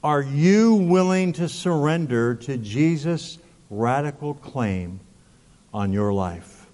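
A man's voice: fairly high pitch, animated, slow, a little mellow. A male pastor preaching a sermon, emphatic, asking rhetorical questions and repeating words. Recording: long hall reverb.

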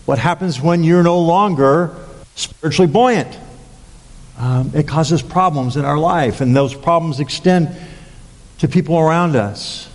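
A man preaching a sermon as a pastor, halting with many fillers and restarts. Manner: acts out quoted lines with raised pitch. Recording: long hall reverb.

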